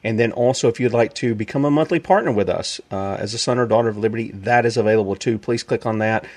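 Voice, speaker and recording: A man's voice: fairly low pitch, fast talker, a little mellow. A male radio show host, rambling casually through announcements and laughing easily.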